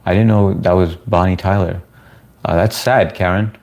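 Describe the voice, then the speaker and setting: A man's voice: sits low, steady tone, moderate pace, gravelly, darkish tone. A man from the US chatting casually with viewers on a livestream, laid-back and talkative. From United States. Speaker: live streamer answering chat.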